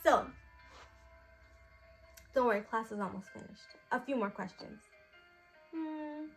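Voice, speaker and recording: A woman's voice: fairly high pitch, animated, takes it slowly, vocal fry, soft background music. A woman in character as a psychic priestess giving a magic class, rambling with many fillers in a mystical tone. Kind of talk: improvised role-play class.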